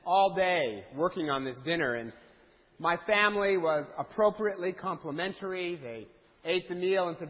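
A man with a high voice preaches a sermon in a church, joking with the congregation between points. His voice rings with a long hall reverb, and the recording sounds dull and muffled. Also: expressive, a little slow. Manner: humorous, conversational preaching with playful asides. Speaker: pastor. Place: church sanctuary.

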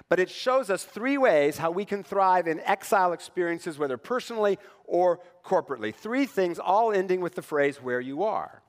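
A middle-aged man preaching a sermon as pastor, talking conversationally and animatedly, asking the congregation "right?" often. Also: high voice. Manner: conversational, animated, acts out quoted voices. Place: church sanctuary. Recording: long church hall reverb.

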